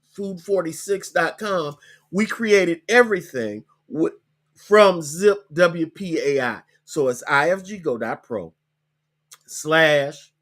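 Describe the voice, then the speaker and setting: A podcast host with a slightly raised, high, somewhat bright voice leads a live online coaching session, talking loosely and conversationally, and his voice has hiccups. He slows way down whenever he spells out a web address, repeating the links carefully, and often finishes his points with "okay?"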